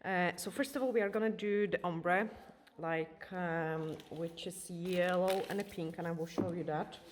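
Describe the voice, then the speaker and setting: A woman with a steady, lowish voice and a moderate pace casually explains a nail tutorial step by step as she works. Polish is her first language, she's a nail technician, and she's losing her voice; a hair dryer can be heard in the background.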